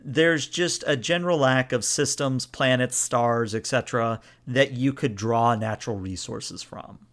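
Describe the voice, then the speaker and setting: A man narrating as game master over a video call, explaining rules and describing scenes in a relaxed, chatty way. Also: mid-range voice, unhurried.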